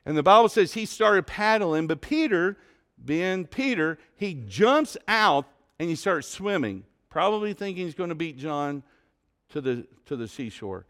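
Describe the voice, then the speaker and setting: Male pastor, higher voice, storytelling sermon with dramatic loud and soft swings.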